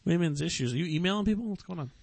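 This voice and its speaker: A man's voice: sits high, animated, racing, vocal fry, breathy edge, no room sound. A man co-hosting a podcast, laughing often and teasing the others in casual comedic banter. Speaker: podcast co-host.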